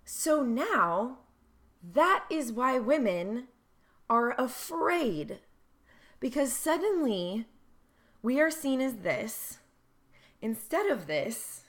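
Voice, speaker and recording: A young woman vlogging to camera in a casual, earnest way, mixing emphatic bursts with slow, careful phrasing and the odd swear. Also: high voice, big pitch swings.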